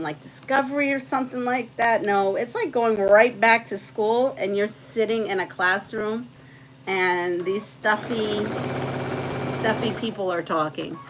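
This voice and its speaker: A woman's voice: medium pitch, a bit bright, poor audio. Chatty lady quilter talking while she sews, laughs a lot, bit of faint noise behind. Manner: chatty, laughs often, reads out trivia questions. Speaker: quilting channel host. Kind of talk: casual chat while quilting.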